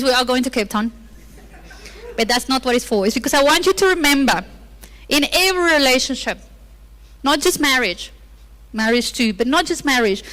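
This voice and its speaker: A woman's voice: high-pitched, fairly bright tone. A woman pastor preaching a sermon with playful asides, acting out the lines she quotes. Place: church auditorium. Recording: long reverb of a church hall.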